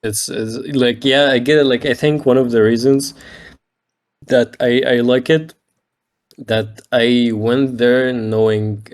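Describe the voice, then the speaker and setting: A man talking as a guest on a casual interview podcast, halting and searching for words with lots of fillers. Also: fairly low pitch, a little mellow. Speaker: podcast guest, digital painter.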